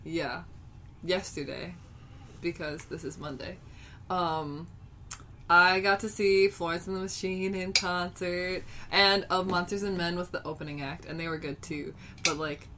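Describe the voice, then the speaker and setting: A woman's voice: on the low side, fairly even intonation, measured pace, sharp tone, slight background noise. A young woman co-hosting a casual podcast chat, gushing and rambling with lots of fillers. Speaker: podcast co-host.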